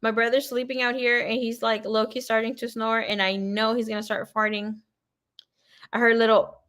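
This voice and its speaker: A woman's voice: a little high, steady tone, a little fast, fairly bright tone. A woman tarot reader chatting casually on a livestream, telling rambling stories full of swearing and laughter. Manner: chatty, profane storytelling; laughs often.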